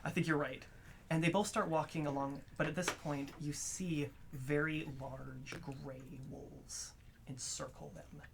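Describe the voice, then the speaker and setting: A man's voice: on the high side, fairly even intonation, measured pace, creaky, background noise. Man narrating as game master. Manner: storytelling narration, laughs often with players.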